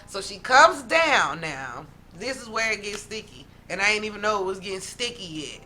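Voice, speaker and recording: A woman vlogger telling a story from her teens in a casual, animated way, talking straight to her viewers. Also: mid-range voice, fairly quick, few pauses, a little hiss or hum. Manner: animated, dramatic, talks straight to viewers as "y'all".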